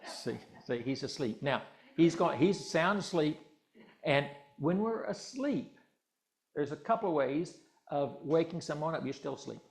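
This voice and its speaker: A man's voice: a little high, animated, a little slow, vocal fry. A minister speaking in a chatty, joking way to his congregation from a microphone in a church hall. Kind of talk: conversational sermon. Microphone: handheld or stand mic, slightly ringing.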